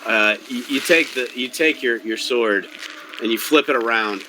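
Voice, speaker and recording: Man, game master, casual and profane, middle pitch, noisy recording. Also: moderate pace, sharp tone. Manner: casual, profane, stop-start. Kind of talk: running a tabletop game.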